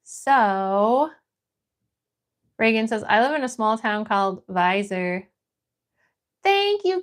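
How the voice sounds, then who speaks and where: Her voice is on the high side and a little bright. She's a livestream host from Florida who reads viewer messages out loud and responds to them as she paints during a casual stream.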